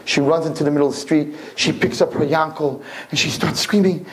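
A man giving an impassioned sermon to girls, swinging from low murmurs to high shouts and acting out dialogue. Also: steady tone, fairly quick, hardly any pauses, breathy edge, low-quality recording. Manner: acts out dialogue in character voices. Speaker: religious teacher.

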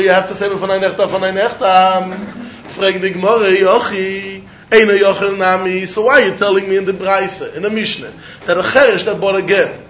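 A man teaching Talmud in a lecture, working through questions and answers in an animated sing-song study chant. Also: high voice. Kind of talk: Talmud lecture in Yeshivish English. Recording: dull echoey room recording.

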